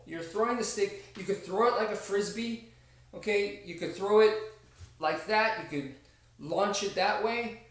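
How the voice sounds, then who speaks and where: Man teaching stick fighting from across an echoey room. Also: sits high. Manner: explains step by step, counts out strikes, frequent "okay?". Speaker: martial arts instructor. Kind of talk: instructional demonstration. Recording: echoey room, distant camera.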